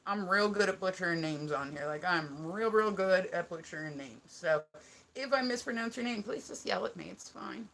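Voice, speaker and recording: A woman's voice: on the low side, normal speed, a bit bright, slight background noise. A woman with a New Jersey accent chatting casually on a livestream, rambling, laughing often and swearing casually. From United States. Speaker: live streamer. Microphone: phone.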